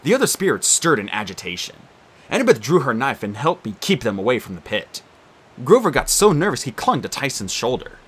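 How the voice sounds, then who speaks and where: A man narrating an audiobook in an expressive, animated reading. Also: mid-range voice, brisk, breathy edge. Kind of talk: storybook narration.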